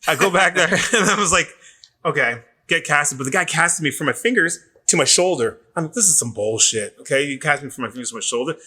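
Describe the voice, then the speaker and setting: A man's voice: a little high, quick pace. A middle-aged man, a personal trainer, telling stories in casual podcast chat, acting out quoted voices and swearing freely. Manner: animated storyteller who acts out quoted voices and swears freely.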